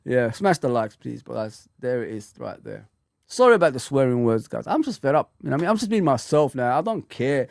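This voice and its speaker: A man's voice: medium pitch, big pitch swings, fairly quick, vocal fry, a little mellow, no echo, clean studio sound. A man ranting angrily on a live fan stream, swearing often and repeating himself. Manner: angry, sweary, repetitive ranting.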